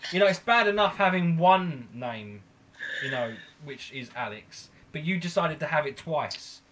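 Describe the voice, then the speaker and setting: A man's voice: fairly high pitch, animated, unhurried, fairly bright tone, slight background noise. A man hosting a live stream, bantering casually and joking with playful swearing. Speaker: live show host.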